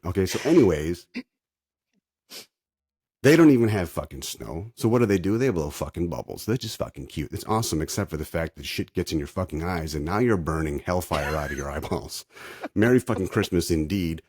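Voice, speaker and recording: A man with a very low voice and a rough, husky edge vents in casual chat, swearing and sarcastic. The sound is close and dry, with no room around it. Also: animated, fairly quick, a little mellow, no room sound. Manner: profane, ranting, sarcastic. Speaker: podcast host.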